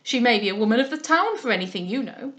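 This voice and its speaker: A woman voicing a surly, prejudiced English captain who speaks bluntly and gruffly. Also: fairly high pitch, expressive, fast, a bit bright, lo-fi sound.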